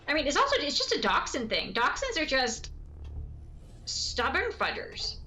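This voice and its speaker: A woman's voice: high-pitched, wildly swooping pitch, normal speed, bright, forceful tone, low-quality recording. A woman streamer chatting casually while gaming, rambling and laughing often.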